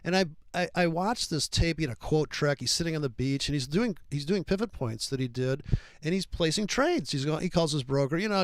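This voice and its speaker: A man's voice: on the high side, animated, fairly quick, no room sound. A man in casual chat, rambling and profane with frequent stumbling restarts.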